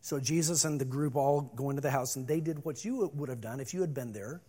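A middle-aged male pastor preaching a sermon, moving between loud emphasis and hushed calm. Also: mid-range voice, fairly quick, husky.

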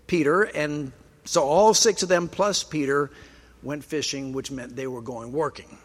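A man's voice: fairly high pitch, a bit bright. A man preaching a sermon in a conversational way, with dry self-deprecating humor. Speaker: pastor.

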